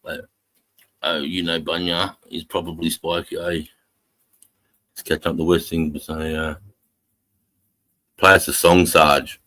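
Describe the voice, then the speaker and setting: A man's voice: very deep voice, little pitch movement, measured pace, long pauses, pushed and bright, dry recording. An Australian man hosting a livestream panel, swearing constantly and laughing often in crude casual chat. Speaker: livestream host.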